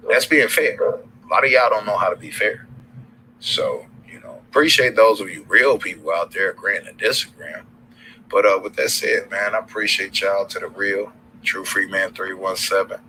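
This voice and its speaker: Southern male streamer, very low pitch, rambling slangy delivery, light background hiss. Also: pushed and bright, rough recording. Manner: loose, rambling, slangy, many fillers. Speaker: livestream host. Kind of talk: casual livestream sign-off.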